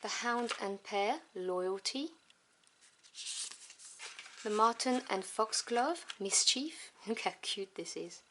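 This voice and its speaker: A woman whose first language is French, reviewing tarot cards one by one. She lists each card softly and without hurry, adding fond little asides. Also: mid-range voice, lively intonation, background noise. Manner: soft, unhurried listing with fond asides.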